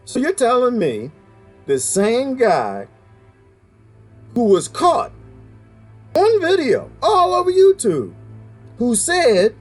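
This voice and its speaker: A man's voice: very high-pitched, wildly swooping pitch, slow, pauses often, soft background music. A man delivering a heated, preachy rant straight to his viewers, firing off rhetorical questions. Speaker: video blogger. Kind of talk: ranting monologue to viewers.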